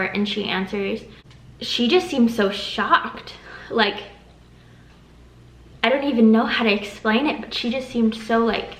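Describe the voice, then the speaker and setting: A woman in her twenties casually telling a storytime vlog, lively and quoting others in a raised voice. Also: fairly high pitch. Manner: animated, quotes people in a raised voice. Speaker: vlogger. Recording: echoey room.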